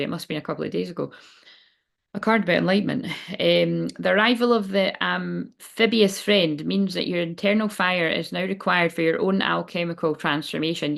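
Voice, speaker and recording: A woman's voice: sits low, vocal fry. A woman who works as a spiritual coach, giving a chatty, rambling oracle card reading and swearing casually.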